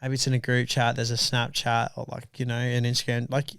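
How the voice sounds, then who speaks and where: A young man, co-hosting a podcast in casual chat, animated and swearing freely as he acts out kids and parents. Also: mid-range voice, fairly quick, vocal fry, clear, resonant tone, no echo, studio quality. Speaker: podcast co-host.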